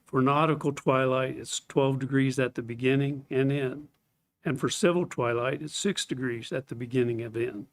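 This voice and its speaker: A man teaching a scripted Bible study lesson, explaining things step by step, reading scripture aloud and clearing his throat now and then. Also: medium pitch, steady tone, moderate pace.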